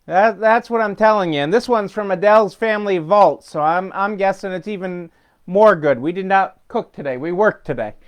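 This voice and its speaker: A chatty middle-aged man with a high, smooth, resonant voice hosts a weekly business update at normal speed, though the audio sounds dull. His unscripted talk rambles, with fillers, restarts and chuckles along the way.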